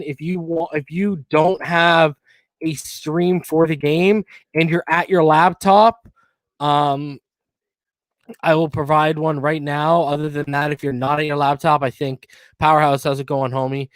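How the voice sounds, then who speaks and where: A man hosting a live football stream, chatting casually and excitedly and shouting out viewers by name. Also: a little high, no echo.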